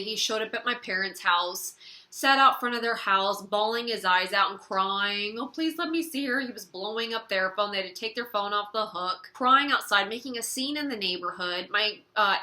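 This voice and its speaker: With a sharp, mid-range voice, a young woman from California recounts a personal story on camera for her vlog. She voices what her family said as she goes, and at times she's close to tears.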